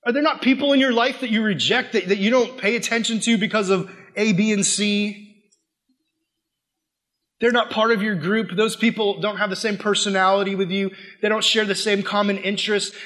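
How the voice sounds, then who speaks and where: A young man preaching a sermon as pastor, animated, swinging from loud acted-out quotes to quiet, earnest asides. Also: sits high.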